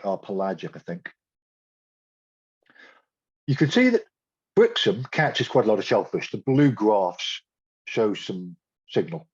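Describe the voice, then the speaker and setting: Husky man giving a blunt science talk. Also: fairly low pitch, a little mellow, lo-fi sound. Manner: blunt, sardonic asides. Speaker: guest speaker.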